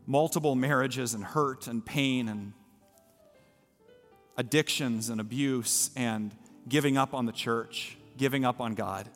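A man preaching a sermon as pastor, telling a story earnestly in a church. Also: medium pitch. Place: church sanctuary. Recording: reverberant hall with faint music.

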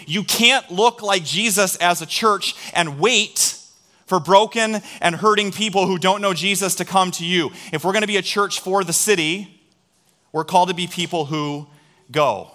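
A middle-aged male pastor preaching with a bright, forward voice that sits a bit high. He tells stories animatedly and draws the congregation in to respond. He sounds lively and engaging. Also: normal speed. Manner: storytelling, animated, drawing in the congregation. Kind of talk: sermon.

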